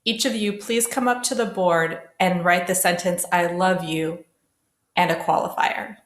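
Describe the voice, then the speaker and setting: A woman teaching a classroom pronunciation lesson, modelling sounds slowly and carefully for students to repeat. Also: medium pitch, fairly bright tone. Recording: echoey room.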